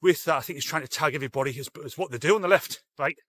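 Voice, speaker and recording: A man's voice: fairly high pitch, very fast, fairly bright tone. A middle-aged man, hosting a live-stream show in a rambling, sweary, blunt way. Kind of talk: casual live-stream rant.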